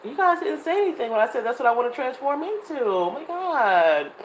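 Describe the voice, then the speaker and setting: A woman's voice: high-pitched, big pitch swings, fairly quick, a little hiss or hum. A woman, chatting casually and animatedly with her viewers and laughing often. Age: 30s. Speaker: vlogger. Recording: echoey room with faint ambience.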